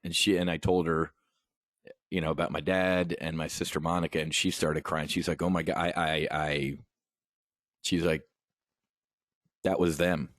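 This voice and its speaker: A man hosting a live options trading brief, talking in an energetic, rambling, conversational way with emphatic asides. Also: a bass voice, normal speed, no echo, studio quality. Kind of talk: livestream trade brief.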